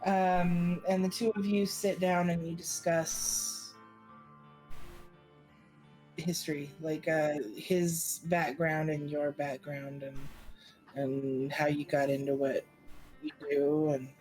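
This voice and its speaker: A woman runs a tabletop game, narrating in a calm, unhurried way. Her voice is low and mellow, and the pace is slow. Faint music plays in the background. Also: rough recording. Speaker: game master.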